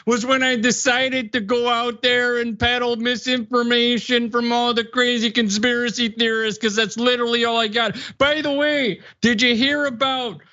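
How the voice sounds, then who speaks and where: A rambling, self-pitying tycoon, boastful and defensive, as a man puts him on. The voice sits very high and bright. The audio is slightly muffled. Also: level tone, moderate pace, hardly any pauses. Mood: whiny. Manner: rambling, exaggerated, whiny. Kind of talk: comic impression.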